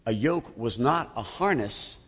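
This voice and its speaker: A man's voice: mid-range voice, expressive, measured pace, fairly bright tone, slightly rough, big-room sound. A male pastor preaching a sermon in a church, talking in a conversational, humorous storytelling manner.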